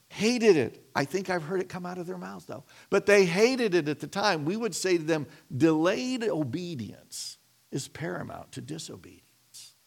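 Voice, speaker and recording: A middle-aged man preaching a sermon in a conversational way, often repeating and restarting his words. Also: sits high. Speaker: pastor.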